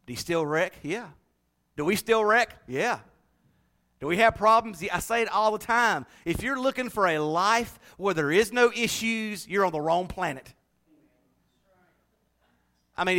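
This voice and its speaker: A middle-aged male pastor preaching a sermon, swinging between shouted refrains and hushed, low passages. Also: expressive, normal speed.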